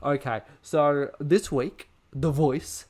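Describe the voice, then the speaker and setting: Podcast co-host: man, casual, sweary, animated rants. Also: a little high, slow pace. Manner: swears a lot, ranting and animated. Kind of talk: casual chat.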